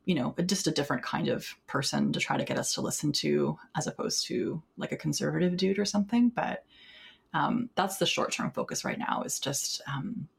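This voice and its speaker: Husky, gravelly-voiced woman organizer. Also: low voice. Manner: casual, frequent fillers and wry laughs. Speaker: mining justice organizer. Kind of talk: conversational interview answer.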